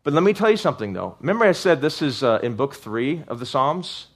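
A man's voice: mid-range voice, big pitch swings, a little fast. Male pastor, sermon delivery, conversational with restarts, rising to fervent peaks. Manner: earnest, rising to fervent outbursts; conversational, with restarts and asides to the congregation.

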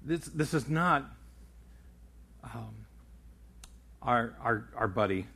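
A man's voice: medium pitch, expressive, takes it slowly, vocal fry, sharp tone, breathy edge. An older man preaching a sermon as a pastor, earnest, often stumbling and restarting his words.

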